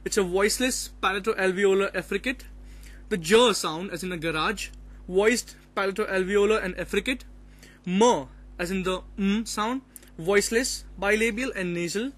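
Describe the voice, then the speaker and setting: A man's voice: high-pitched, normal speed, fairly bright tone. A man presenting a phonetics topic in class, partly reading out his notes and hesitating often with fillers. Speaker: student presenter.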